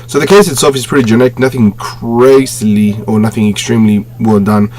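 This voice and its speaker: A man's voice: medium pitch, fairly even intonation, fairly quick, a little mellow. A man casually reviewing a collectible on a webcam at home, rambling, with many fillers and self-corrections. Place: home room with display shelves.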